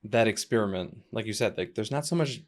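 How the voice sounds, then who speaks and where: A man hosting a podcast, supportive and quick to affirm his guest. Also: lowish voice. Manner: supportive, with frequent short affirmations. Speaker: podcast host. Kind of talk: casual conversation.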